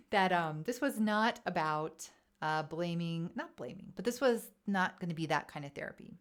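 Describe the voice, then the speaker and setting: A woman casually telling a personal story to camera in a vlog, chatty and animated, acting out quoted thoughts. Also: sits low, fairly quick, few pauses. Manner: chatty, animated, acts out quoted inner voices. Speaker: wellness vlogger.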